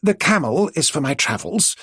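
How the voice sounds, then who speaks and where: A man voicing a sensible middle-aged woman who talks in a brisk, matter-of-fact way. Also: fairly high pitch, big pitch swings, fairly bright tone, slightly rough, no room sound, clean studio sound, pitched above the performer's own voice, full character voice. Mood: prim.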